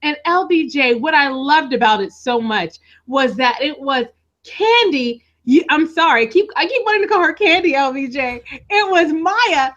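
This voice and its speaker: A woman's voice: high-pitched, lively intonation, normal speed, fairly bright tone, lo-fi sound. A woman co-hosting a live TV recap, talking enthusiastically and addressing her co-host again and again.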